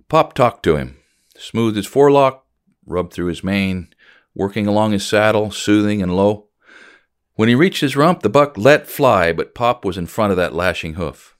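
A man reading a story aloud in a measured, storytelling voice. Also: on the low side, expressive. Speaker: narrator. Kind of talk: audiobook narration of a memoir-style story.

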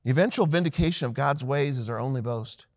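A man preaching a sermon in an animated way, acting out quoted lines with sudden high, loud bursts. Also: fast, no room sound, studio quality. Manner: animated, voices quoted lines with big pitch jumps. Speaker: pastor.

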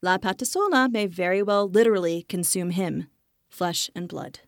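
A woman's voice: lowish voice, normal speed, no echo, studio quality. A woman co-hosting a podcast, telling folklore in a wry, matter-of-fact way. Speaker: podcast co-host. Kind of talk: casual chat, reading folklore notes.

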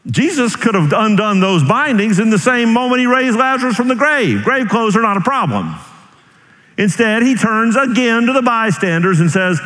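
A man preaching a sermon as pastor, swinging between high emphatic bursts and slow, low, quiet passages. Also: animated. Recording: long hall reverb.

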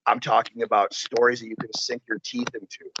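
Animated, profane man, lo-fi sound. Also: mid-range voice, fairly quick, noisy background. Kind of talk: casual chat. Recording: dull lo-fi sound.

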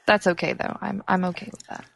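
A woman's voice: medium pitch, level tone, a little fast, gravelly, a bit bright, no room sound. A woman co-hosting a casual pop-culture podcast, gushing with enthusiasm about news. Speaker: podcast co-host.

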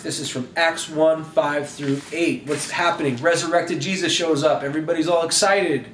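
A man preaches in a lively, conversational way, often restarting and repeating words. His voice sits a little high. The recording is roomy and echoey, with faint ambience behind him. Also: moderate pace, few pauses, slight background noise. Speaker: pastor. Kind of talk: sermon.

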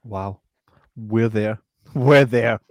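A man's voice: on the low side, drawn-out words, no echo, clean studio sound. A Scottish man co-hosting a casual podcast, joking, swearing and reading viewer comments aloud. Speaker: podcast co-host. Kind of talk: casual late-night podcast chat.

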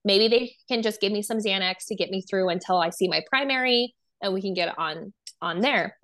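A woman's voice: mid-range voice, moderate pace, fairly bright tone. Young woman telling her own story, super casual, lots of "like", acts out what people said. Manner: casual, filler-heavy, acts out quoted dialogue. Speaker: guest sharing her story. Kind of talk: candid personal storytelling.

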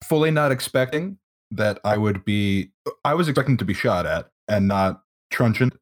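Lower-voiced man with dry quips. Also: animated, normal speed. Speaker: player. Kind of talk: casual tabletop play.

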